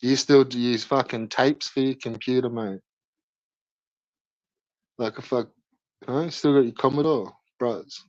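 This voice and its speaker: A young man talks slowly and unhurriedly, swearing and teasing his way through a live stream. His voice comes through a dry, slightly dull lo-fi mic. The tone is laid-back mockery punctuated by laughter. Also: medium pitch, a little mellow, no echo. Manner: profane, mocking banter with frequent laughs.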